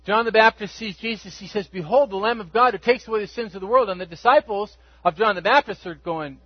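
High-voiced, husky male preacher. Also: fairly quick, dry recording, lo-fi sound. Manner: conversational storytelling, acts out quotes. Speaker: pastor. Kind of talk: sermon.

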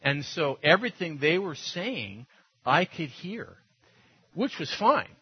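A male pastor preaching in a chatty, anecdotal way, his voice somewhat high and breathy. The recording sounds dull and lo-fi, as from an older sermon tape. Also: sing-song, slow. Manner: conversational, anecdotal, laughs often. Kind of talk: storytelling sermon.

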